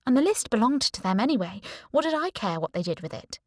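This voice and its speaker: A woman's voice: on the high side, very animated, quick pace, no echo, clean studio sound. A woman narrating a first-person audiobook in a wry, sardonic way.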